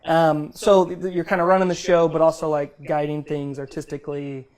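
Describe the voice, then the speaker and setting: A woman with a notably low, deep speaking voice hosts a relaxed interview. She wanders through her questions with many fillers and pokes fun at herself along the way. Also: a little fast. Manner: rambling, self-deprecating, many fillers. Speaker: podcast host. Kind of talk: casual interview chat.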